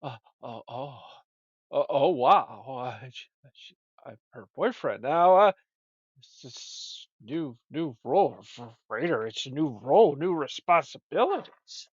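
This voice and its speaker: A man's voice: medium pitch, animated, unhurried, breathy edge, no room sound. A man hosting a comedic show, rambling and stammering as he chats. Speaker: show host. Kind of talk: comedic podcast chat. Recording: dull, lo-fi dry recording.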